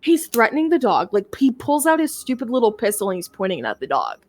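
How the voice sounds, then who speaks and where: A woman's voice: fairly high pitch, huge pitch swings, quick pace, a little mellow. A young woman chatting casually on a game stream, telling a long story in a rambling way and swearing often. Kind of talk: casual chat.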